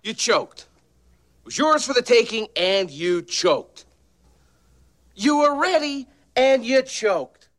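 A yelling male coach in a movie clip, with a very high, strained voice that stretches each word out slowly. It sounds distant, like a clip played back on a show, put on by a man. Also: expressive, exaggerated voice. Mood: scolding.

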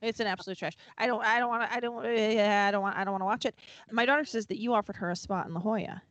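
A man voicing a gruff, rambling older father who speaks bluntly and chuckles between lines. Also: high-pitched, steady tone, quick pace, fairly bright tone, no echo, dull audio. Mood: grumbling. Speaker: panelist.

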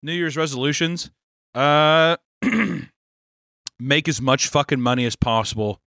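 A man co-hosts a casual podcast with a bright, sharp-edged voice. He talks in a profane, joking way and keeps things loose. The sound is dry and close. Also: a little high, slow pace, gravelly, dry recording. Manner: profane, joking, slips into mock Australian voices. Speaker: podcast co-host. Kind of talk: casual chat.

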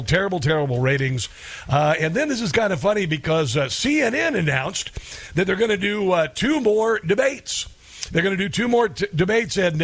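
Sarcastic, rambling talk radio host, man. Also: a little high. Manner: rambling, sarcastic, chuckles at own jokes. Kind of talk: political talk radio monologue.

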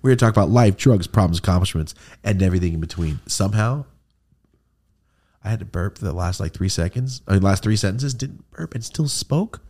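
A man's voice: low-pitched, fast talker, dark tone. A young adult man co-hosting a podcast, rambling and joking in casual chat, swearing freely. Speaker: podcast co-host.

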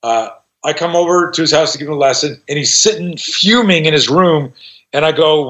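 A man in his sixties, a self-defense instructor, tells a story in conversation with a fairly high-pitched, brisk voice. He swears freely and animatedly acts out the voices of the people in his tale. The sound is dull and lo-fi.

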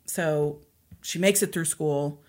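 A woman's voice: low-pitched, slow pace, a little mellow. A woman co-hosting a podcast, retelling a story at length with many "like"s and "and so"s. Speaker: podcast co-host.

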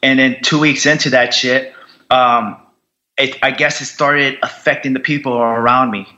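A man's voice: medium pitch, steady tone, normal speed, sharp tone, lo-fi sound. A man telling his story as a podcast guest, raw, blunt and heavily profane. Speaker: podcast guest, combat veteran. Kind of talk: candid interview storytelling.

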